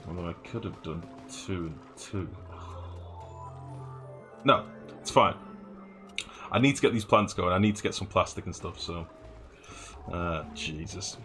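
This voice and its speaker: A man's voice: deep voice, measured pace, pauses often, music in the background. A man streaming a game live, rambling and swearing as he builds, often humming and mumbling to himself. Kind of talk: live gameplay commentary.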